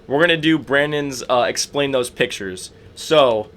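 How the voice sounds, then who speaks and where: A man's voice: mid-range voice, a little slow, a bit bright. A young man from the hosting a casual podcast, chattering nervously with lots of fillers. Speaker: podcast host. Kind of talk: casual chat.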